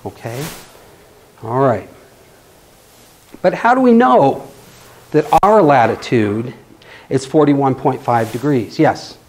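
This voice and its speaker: A man's voice: medium pitch, animated, slow pace, pauses often. A man giving a live lecture with drawings to an astronomy club. He is playful and keeps checking in with his listeners. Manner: playful, often checks in with the audience. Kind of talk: live classroom-style lecture.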